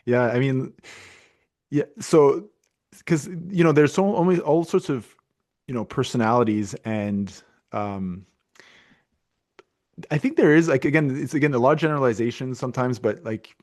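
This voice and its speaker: A man's voice: mid-range voice, moderate pace, pauses often, darkish tone. Rambling man telling a story. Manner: rambling, many restarts and fillers. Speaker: podcast host. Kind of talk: casual conversational storytelling.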